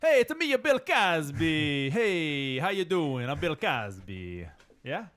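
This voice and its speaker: A man's voice: on the high side, sing-song, takes it slowly, a bit bright, exaggerated voice. A man doing an exaggerated impression of an older male comedian. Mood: hammy.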